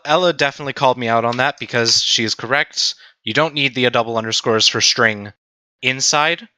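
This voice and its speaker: Excitable young male tutor, bright voice. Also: medium pitch, no echo. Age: young adult. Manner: animated, self-mocking, talks to chat. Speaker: teaching assistant. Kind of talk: livestreamed programming tutorial.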